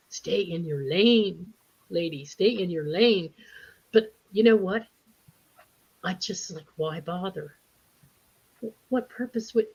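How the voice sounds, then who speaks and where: A woman telling a story in a casual group talk, animated and laughing often as she acts out the voices of people in it. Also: mid-range voice, husky. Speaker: spiritual group speaker. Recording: dull lo-fi livestream audio.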